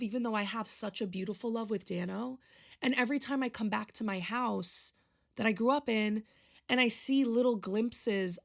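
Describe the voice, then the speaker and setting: This young woman from Long Island, New York, hosts her own podcast, and her voice sits on the high side with a creaky texture. She talks solo in a casual, rambling way, sounding confessional and emotional.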